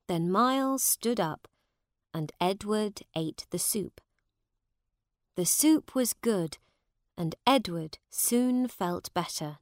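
A woman reads a simple storybook very slowly, in a clear, measured way. Her voice rises and falls with a lively swing. The recording is dry and close. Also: fairly low pitch, no room sound. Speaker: reader. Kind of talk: slow storybook narration for learners.

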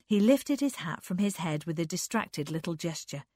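A woman narrating a literary story in a measured storytelling manner. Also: on the low side, lively intonation, a little mellow, no room sound, studio quality. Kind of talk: audiobook narration.

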